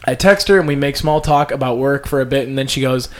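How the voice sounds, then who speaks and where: A man co-hosting a podcast, joking around with friends and reading a long story aloud in a relaxed, drawling way. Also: mid-range voice, fast talker, few pauses. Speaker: podcast co-host.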